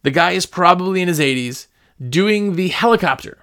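Smooth-voiced man telling rambling stories. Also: high-pitched, fairly quick. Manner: rambling, animated, with many fillers and restarts. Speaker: small business owner. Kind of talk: casual storytelling.

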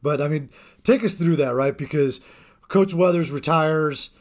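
A man's voice: fairly high pitch, measured pace, a little mellow. A man hosting an interview in a casual, friendly-sounding way, calling his guest dude and man as he sets up questions. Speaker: podcast host.

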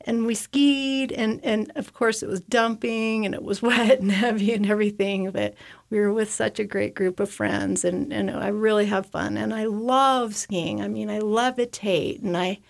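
A woman's voice: medium pitch, steady tone, moderate pace, creaky. A woman talking at length and with feeling as an interview guest, rambling with restarts and repeated words. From United States. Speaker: interview guest, avalanche survivor. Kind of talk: emotional personal storytelling. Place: studio.

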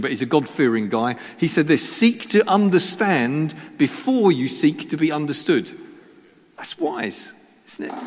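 A man's voice: on the high side, husky. A man preaching a sermon in church, joking at his own expense and asking the congregation rhetorical questions. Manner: self-deprecating humor, rhetorical questions. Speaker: pastor. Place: church hall. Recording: reverberant church hall.

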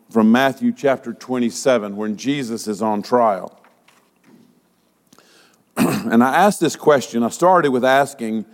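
A male pastor delivering a sermon, asking rhetorical questions and using dramatic pauses. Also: medium pitch, long reverb tail.

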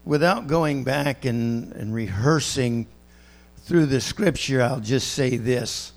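A pastor leading a congregation in prayer and preaching a sermon in a church, with a measured, reverent delivery. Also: male voice, mid-range voice, gravelly. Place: church sanctuary.

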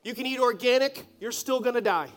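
High-voiced man preaching a sermon. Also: brisk, faint music behind. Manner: animated, joking storyteller who acts out scenes. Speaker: pastor.

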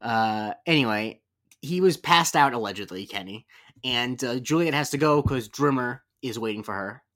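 A man's voice: medium pitch, normal speed, fairly bright tone. A man co-hosting a podcast, recapping a TV episode in casual, rambling chat full of fillers and self-corrections. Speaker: podcast co-host.

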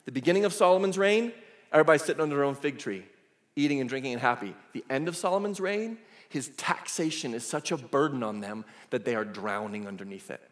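A male pastor delivering a sermon, telling the story in a lively, casual way with asides. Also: medium pitch. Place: church sanctuary. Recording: echoey church hall.

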